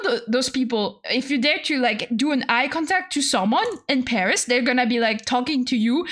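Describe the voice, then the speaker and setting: A woman's voice: fairly high pitch, a bit bright. A young adult woman streamer telling stories in a casual, profane, exasperated rant, laughing often.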